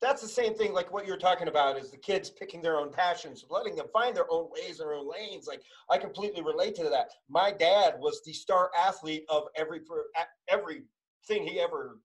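A man's voice: fairly high pitch, fairly quick, poor audio. A man in his forties hosting a podcast, talking in an earnest way and relating personal stories. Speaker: podcast host. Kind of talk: casual conversation.

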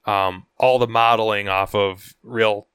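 A man's voice: fairly low pitch, fairly even intonation, measured pace, fairly bright tone, clear, resonant tone, no echo, studio quality. A man co-hosting a casual movie discussion, agreeable and chiming in with short replies. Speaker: podcast co-host.

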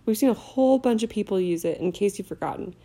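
A woman's voice: mid-range voice, animated, fast, warm tone, lightly acted. A woman doing a stubborn, clever teenage witch. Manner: stubborn and prim.

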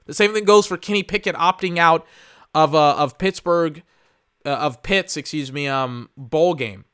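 A man's voice: on the high side, moderate pace, a bit bright, clear, resonant tone. A young man from Texas, ranting casually about football as a podcast host. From Austin, Texas. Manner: opinionated, ranting, profane. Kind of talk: casual sports commentary.

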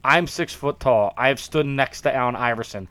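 A man's voice: medium pitch, fairly bright tone, no echo. Casting: thirties male co-host, wisecracking, profane, dry close sound. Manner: joking, profane, quick asides. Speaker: podcast co-host. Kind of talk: casual wrestling chat.

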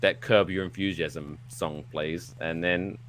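A man hosting a live podcast, telling a rambling story in a playful, animated way, throwing in silly sound effects. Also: deep voice, measured pace, slight background noise. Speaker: podcast host. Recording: live show with audience.

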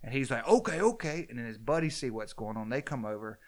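A man telling a story in casual chat, acting out the quoted lines with a loud, animated voice. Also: mid-range voice, fast talker.

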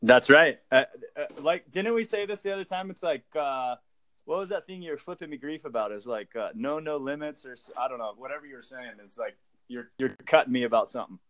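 A man's voice: mid-range voice, expressive, brisk, a bit bright, low-quality recording. A man hosting a casual podcast, rambling with lots of fillers and jokes. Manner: rambling, filler-heavy, joking. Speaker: podcast host.

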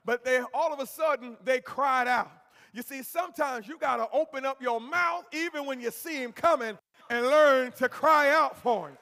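A man with a very high voice preaches to his congregation as pastor. He moves from quiet, low stretches into impassioned shouts and asks them questions. His words ring on in the long reverb of a church hall. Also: moderate pace. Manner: call-and-response with congregation. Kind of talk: preached sermon. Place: church sanctuary.

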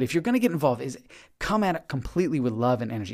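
A man's voice: medium pitch, sing-song, racing, darkish tone. A man hosting a podcast, giving an earnest, encouraging motivational monologue and often repeating his words. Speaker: podcast host.

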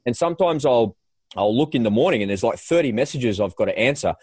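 Energetic man hosting a podcast. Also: mid-range voice, fast, husky, dry recording. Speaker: podcast host. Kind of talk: casual conversational chat.

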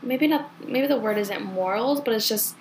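A woman's voice: a little high, normal speed, slight background noise, poor audio. A young woman hosting a podcast in casual chat, with a chatty, encouraging manner. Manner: chatty, laughs easily, encouraging. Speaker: podcast host.

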